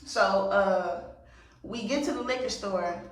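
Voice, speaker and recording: A woman's voice: medium pitch, slow, recorded from a distance. A woman vlogger telling a story in a casual get-ready-with-me chat, blunt, profane and emphatic. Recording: very echoey room, voice set back from the mic.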